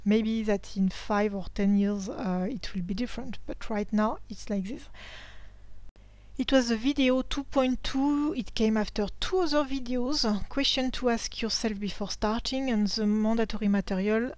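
A woman's voice: on the high side, normal speed, a little mellow, no echo. A woman with a French accent and French as her first language, hosting a sewing tutorial in a casual talk to camera. She speaks hesitantly as she searches for words. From France. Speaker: historical sewing channel host.

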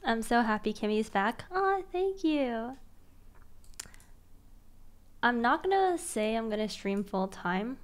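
Excitable young woman streamer, gushing. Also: fairly high pitch, normal speed, hardly any pauses. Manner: excitable, gushing, giggly, slangy. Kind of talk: casual chat with stream viewers.

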